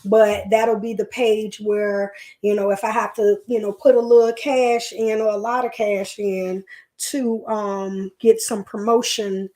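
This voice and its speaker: A woman's voice: mid-range voice, level tone, a little slow, mellow. A woman hosting a live stream in a chatty, folksy way, talking straight to her viewers. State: leg pain. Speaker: host. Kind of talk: casual live-stream chat.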